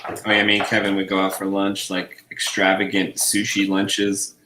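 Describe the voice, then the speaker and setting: A relaxed man hosts a casual chat and makes up goofy phrases. His voice rings a little in a roomy space. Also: low voice, moderate pace, background noise. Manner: playful, laid-back, coins silly phrases. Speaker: host.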